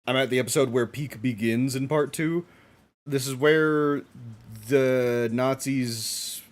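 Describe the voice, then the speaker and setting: A man streaming a live watch-along, reacting excitedly with frequent laughs and casual swearing. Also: medium pitch, measured pace.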